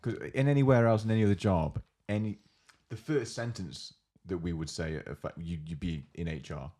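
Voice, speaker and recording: A man's voice: low voice, moderate pace, warm tone. A young man co-hosting a casual podcast, animatedly acting out coworkers' lines and swearing freely. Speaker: podcast co-host. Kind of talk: casual chat.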